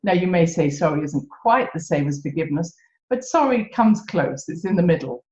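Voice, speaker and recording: British woman podcast host, low voice, gentle and wry, echoey room, dull lo-fi sound. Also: lively intonation, moderate pace. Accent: British English. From Britain. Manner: gentle, self-mocking, laughs often. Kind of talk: reflective solo podcast talk.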